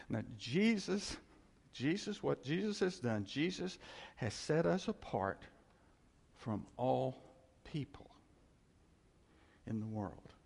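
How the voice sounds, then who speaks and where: A man's voice: medium pitch, gravelly, a little mellow, slightly rough, in a large hall. A man preaching a sermon in a conversational way, laughing now and then and hammering points with repetition. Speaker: pastor.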